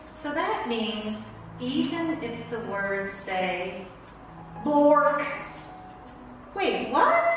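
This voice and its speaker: A woman's voice: on the high side, a bit bright. Playful woman principal reading aloud, very echoey. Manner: playful, exaggerated outbursts of mock dismay. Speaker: elementary school principal. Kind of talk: reading a children's book aloud. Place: school building. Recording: very echoey room, voice far from mic, faint hiss.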